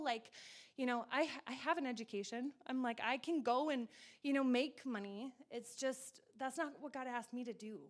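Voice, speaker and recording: A woman with a high voice tells her story in a loose, chatty way. She laughs a lot and jumps up into excited bursts when she quotes herself or others. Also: moderate pace. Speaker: guest sharing her testimony. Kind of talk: casual personal storytelling.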